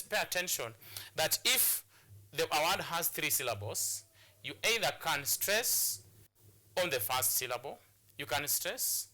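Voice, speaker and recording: Male TV teacher, bright and slightly high voice, stop-start and repetitive delivery. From Kenya. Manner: repeats phrases, stop-start explaining. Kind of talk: classroom lesson on TV.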